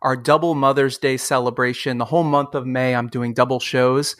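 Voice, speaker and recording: Man, podcast host, mid-range voice, enthusiastic, animated storyteller, dry close sound. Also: medium pitch, fairly quick, dry recording. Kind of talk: casual interview chat.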